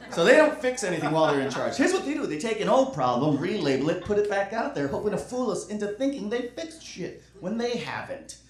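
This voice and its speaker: Lively high-voiced man doing stand-up. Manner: sarcastic, punchy delivery with quick put-on voices. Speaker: stand-up comedian. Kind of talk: stand-up comedy set. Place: comedy club stage. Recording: echoey club, loud crowd. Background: loud audience laughter.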